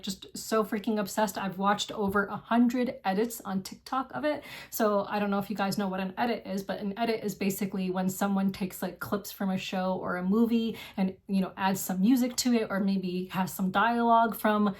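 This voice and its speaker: Gushing woman vlog host. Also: medium pitch. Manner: gushing and effusive, heavy use of "like". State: single, lives alone. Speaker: board game channel host. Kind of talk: casual vlog chat.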